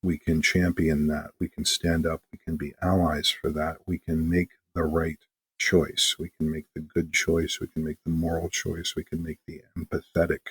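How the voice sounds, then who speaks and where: A man's voice: a bass voice, moderate pace, a little hiss or hum. A man talking casually as an interview guest and game master, telling stories animatedly and acting out quotes. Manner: animated storyteller, acts out quotes.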